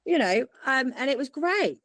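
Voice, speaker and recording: As an interview guest, a young woman with a high voice and moderate pace tells a candid story. Her delivery is animated, and she voices the people in it in lively impressions.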